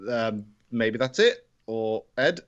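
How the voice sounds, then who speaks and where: A man playing as a guest contestant on a podcast quiz, thinking out loud and hedging his guesses. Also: medium pitch, very animated, slow pace, muffled recording. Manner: thinks aloud, hesitant. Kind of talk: casual chat. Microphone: video call.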